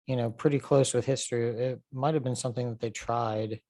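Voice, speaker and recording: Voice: mid-range voice, steady tone, a little fast, warm tone, no room sound. A podcast co-host in casual chat, thinking aloud with "um" and "like" and reading search results out.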